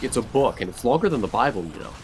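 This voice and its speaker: A man's voice: on the low side, big pitch swings, quick pace, vocal fry, background noise. A man joking playfully with his friends over voice chat during a stream. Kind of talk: casual voice-chat.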